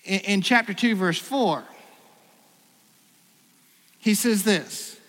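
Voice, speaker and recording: High-voiced preaching man in a reverberant hall. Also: slow pace, fairly bright tone. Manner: conversational preaching, rhetorical questions, frequent restarts. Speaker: pastor. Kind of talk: sermon.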